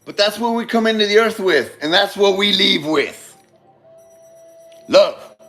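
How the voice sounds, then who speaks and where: A man's voice: high-pitched, animated, unhurried, sharp tone, faint music behind. A man giving a casual motivational talk, rambling and repeating himself, swearing now and then and calling listeners brother. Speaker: speaker giving a monologue on love.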